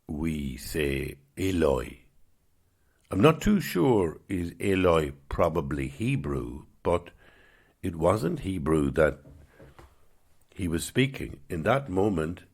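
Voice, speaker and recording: Male podcast host, reflective spiritual talk, very low husky voice, gravelly edge. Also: big pitch swings. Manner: gentle, musing, unhurried.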